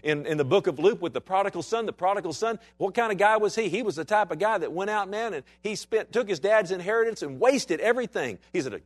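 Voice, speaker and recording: A man preaching a sermon in a dynamic style, dropping to quiet low asides and rising to loud, slow, emphatic lines. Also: lively intonation. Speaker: pastor.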